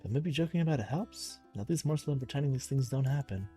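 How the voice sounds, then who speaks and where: A man's voice: medium pitch, animated, quick pace, dark tone, soft background music. A young man reading a visual novel's narration aloud on a live stream, sometimes tripping over words and restarting.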